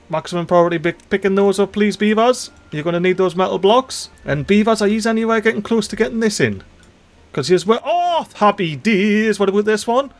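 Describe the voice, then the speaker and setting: Excitable man narrating his gameplay. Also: on the high side. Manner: excitable, talks to the game characters; chatty, swears mildly, dialect slang. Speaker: let's play host. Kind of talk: casual gameplay commentary.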